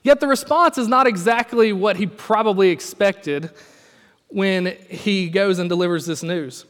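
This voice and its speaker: Male pastor, high voice, chatty sermon delivery, long hall reverb. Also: a little slow, fairly bright tone. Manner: conversational, storytelling with acted quotes.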